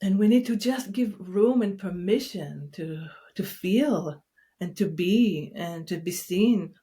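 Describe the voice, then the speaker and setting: A woman therapist speaking in a gentle, soothing, unhurried way during a reflective conversation. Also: mid-range voice, animated.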